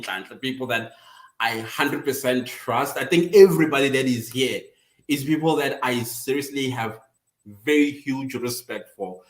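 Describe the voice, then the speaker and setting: A man's voice: mid-range voice, echoey room. A man hosting a casual livestream, chatting with viewers, teasing them by name and laughing often. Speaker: livestream host.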